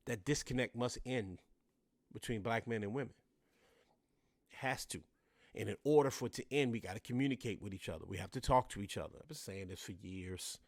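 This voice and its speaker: A man with a Washington DC accent hosts a solo podcast, speaking briskly in a lowish voice. The recording is dry with clean studio sound, and he addresses listeners directly, repeating phrases for emphasis.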